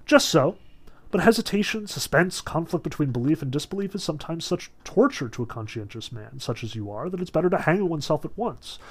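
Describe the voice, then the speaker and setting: A man reading a sly gentleman devil. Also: fairly high pitch, expressive, husky. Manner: read aloud from a novel, quick in spots. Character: scheming sly male devil, a gentleman tempter.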